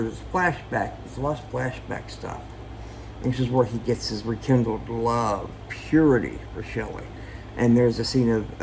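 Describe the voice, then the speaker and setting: Animated sarcastic man recapping a film. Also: mid-range voice, a little hiss or hum, poor audio. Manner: jokey, profane, sarcastic; acts out characters and sound effects. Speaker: film reviewer. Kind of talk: casual movie recap.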